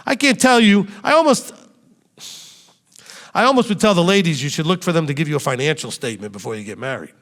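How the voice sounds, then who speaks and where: A man preaching as a rabbi, his slightly high voice leaping up and down as he fires rhetorical questions at the congregation. He speaks in a room full of listeners. The sound carries a long, echoing hall reverb. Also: quick pace. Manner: animated, asks the congregation direct rhetorical questions. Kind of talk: sermon.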